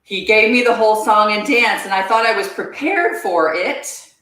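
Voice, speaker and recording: A woman guest on a podcast, telling her personal story in an earnest, halting way and repeating words as she goes. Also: mid-range voice, a bit bright. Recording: very echoey room.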